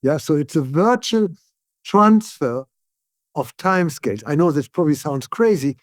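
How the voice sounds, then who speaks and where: A neuroscientist guest speaking as an English speaker, explaining ideas in calm conversation and often checking in with "yeah?". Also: male voice, on the high side, no room sound, studio quality. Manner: tag "yeah?" questions, frequent restarts, calm and deliberate.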